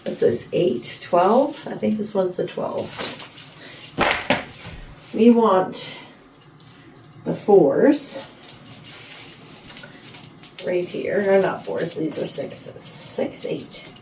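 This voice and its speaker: A Canadian woman vlogger tries on clothes at home, chatting in a playful, rambling way. Her medium-pitched voice draws out words and pauses often, and the recording sounds roomy and distant with faint room noise.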